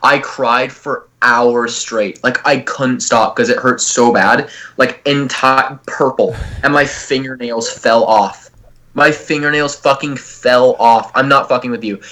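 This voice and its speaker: A man's voice: mid-range voice, steady tone, a little slow, pushed and bright. A young man, a podcast co-host, telling stories in a loose, swearing chat between laughs. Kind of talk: casual chat.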